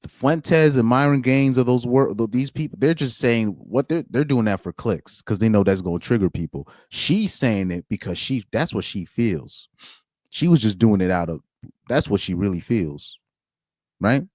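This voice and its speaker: A man's voice: medium pitch, lively intonation, moderate pace, darkish tone, dry recording, clean studio sound. A young adult man doing casual reaction commentary, reading posts aloud with incredulous asides and trailing restarts. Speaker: commentary streamer.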